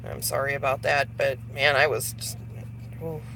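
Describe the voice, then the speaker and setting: A woman's voice: very deep voice, little pitch movement, normal speed, pushed and bright, soft background music. A woman livestreaming, talking bluntly to her viewers and answering their comments by name. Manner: blunt and profane; talks straight to viewers by name. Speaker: vlogger. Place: at her workplace.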